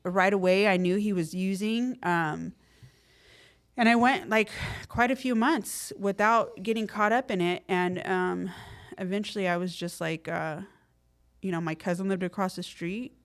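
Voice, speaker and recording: A woman's voice: mid-range voice, unhurried, smooth. A middle-aged woman, a podcast guest telling her story in casual, streetwise slang full of fillers. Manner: lively when acting out quotes.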